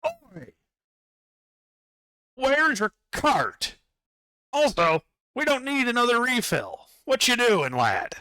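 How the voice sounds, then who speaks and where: A man voicing a gruff, bossy male dwarf foreman who scolds a worker and calls him lad. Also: very high voice, very animated, slow pace, long pauses, bright, forceful tone, dry recording, clean studio sound, pitched above the performer's own voice, heavily acted. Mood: scolding.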